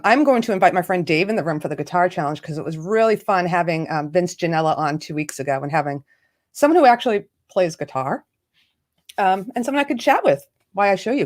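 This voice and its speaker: A woman hosting a casual livestream, greeting viewers by name and laughing often. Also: on the low side. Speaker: livestream host. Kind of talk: casual live chat.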